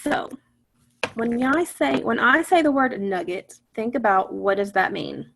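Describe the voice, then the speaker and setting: A woman teaching a phonics lesson to young children, patient and encouraging, sounding out words slowly. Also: fairly high pitch, vocal fry, a little hiss or hum.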